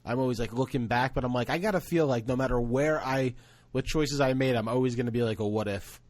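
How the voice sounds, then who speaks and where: A man's voice: mid-range voice, fast talker, a little mellow, no echo. Rambling man in casual podcast chat. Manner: rambling, self-deprecating, lots of "like". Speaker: podcast host.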